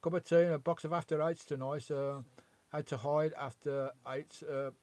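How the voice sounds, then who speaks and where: A man's voice: a little high, fairly even intonation, moderate pace, darkish tone, no room sound. A man chatting casually on a live stream from his campervan, reading out chat messages in a rambling way with mild swearing. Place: parked in a campervan.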